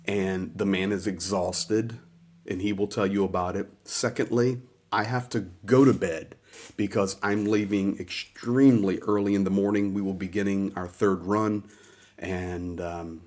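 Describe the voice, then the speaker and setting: A man's voice: low voice, steady tone, a little slow, darkish tone. A man hosting a live stream, giving an earnest, heartfelt introduction and repeating himself for emphasis.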